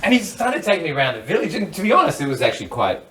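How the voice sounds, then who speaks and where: Aussie comedian rambling through a story, acting out bits, mic a bit far off. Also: male voice, fairly high pitch, rapid-fire, roomy sound, slight background noise. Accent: Australian. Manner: animated, rambling, acts out other people's lines. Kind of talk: comic storytelling. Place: studio panel.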